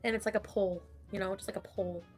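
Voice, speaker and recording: A woman's voice: medium pitch, fairly even intonation, very fast, a little mellow, faint music behind. A woman streamer in casual livestream chat, gossiping with lots of giggles, swearing and "like" fillers. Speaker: online streamer.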